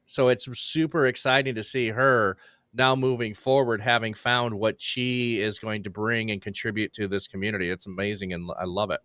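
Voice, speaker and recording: A man's voice: fairly low pitch, fairly even intonation, normal speed, fairly bright tone, no room sound, studio quality. A man co-hosting a church livestream, talking enthusiastically in casual chat, rambling and full of "like". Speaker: livestream co-host. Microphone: livestream setup.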